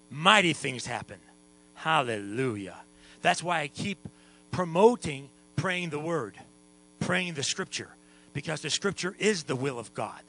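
A man preaching a lively sermon as pastor, sometimes singing and shouting, with a hum behind him. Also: fairly high pitch, low-quality recording. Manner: animated preaching, sings and shouts at times.

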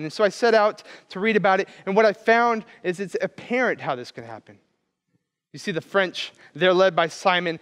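A male pastor preaching a sermon, telling a story with animated energy and briefly acting out the people he quotes. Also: high-pitched, moderate pace, clear, resonant tone, long reverb tail. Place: church.

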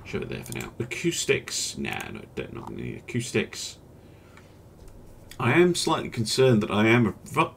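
A man hosting a gaming channel, giving relaxed gameplay commentary and thinking aloud as he works through choices, with hesitant fillers. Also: lowish voice, creaky, slight background noise.

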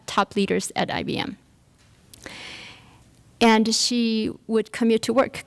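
A woman giving a workshop talk, telling a personal story with many fillers and restarts. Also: medium pitch. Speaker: workshop speaker. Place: lecture room.

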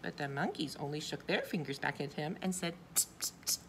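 Brief: animated woman storyteller for children, mid-pitched, with faint hiss behind. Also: a little fast, gravelly. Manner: expressive, questions to young listeners. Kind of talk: reading a picture book aloud.

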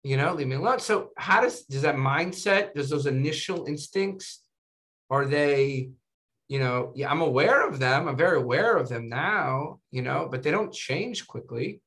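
A man's voice: fairly high pitch, a little slow. A man speaking as a physician guest in a casual interview, telling stories animatedly and tagging his sentences with "right?" and "you know". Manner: animated storytelling, tags 'right?' and 'you know'.

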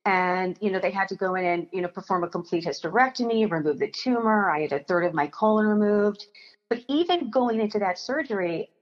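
A young woman, a company founder, telling a personal story in a podcast interview, halting and emotional with frequent restarts. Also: mid-range voice, highs cut off. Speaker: guest, company founder and chef.

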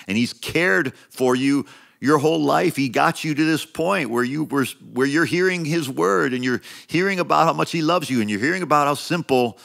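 A man preaching a sermon as pastor, conversational and emphatic, repeating phrases and climbing higher when he stresses a point. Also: creaky, a bit bright. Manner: conversational preaching with frequent restarts and asides.

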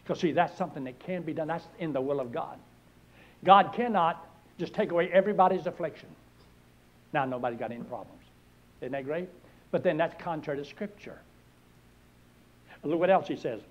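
A male pastor preaching a sermon, with animated delivery, rhetorical questions, and loud, drawn-out scripture readings. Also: fairly high pitch, lo-fi sound.

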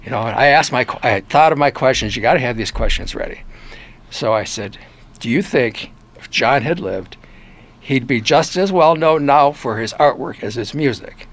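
An older former newspaper reporter with a Michigan accent, appearing as an interview guest, tells casual stories from his reporting days in an unhurried, chatty manner. He's an animated storyteller who slips into quoted voices, jumping in pitch as he acts them out, and he often restarts sentences.

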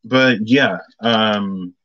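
A lower-voiced man gives a loose, meandering tarot reading for an audience watching along. He thinks aloud and piles up fillers and half-finished sentences, and the sound is close and dry. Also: extremely slow, a bit bright, dry recording, muffled recording. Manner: greets viewers by name mid-reading. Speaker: tarot reader. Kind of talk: casual tarot reading stream.

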